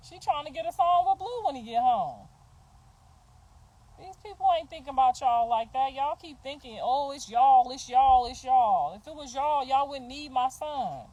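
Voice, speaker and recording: A woman's voice: high voice, lively intonation, normal speed, long pauses, a little mellow, highs cut off. A middle-aged woman in a heated casual rant, profane and confrontational, laughing between her jabs as a mother defending herself. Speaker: mother ranting on a livestream.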